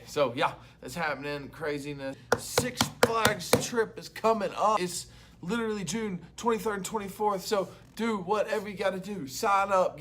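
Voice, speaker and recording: A young adult man, a youth pastor, giving an energetic, loud and chatty devotional talk to camera. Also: fairly high pitch.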